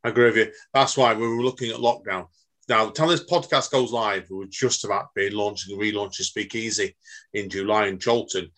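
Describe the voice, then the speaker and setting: A man's voice: on the low side, brisk, fairly bright tone. A man hosting a podcast, chatty and matey with his guest. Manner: chatty, calls guest mate. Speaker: podcast host. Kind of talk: casual podcast interview.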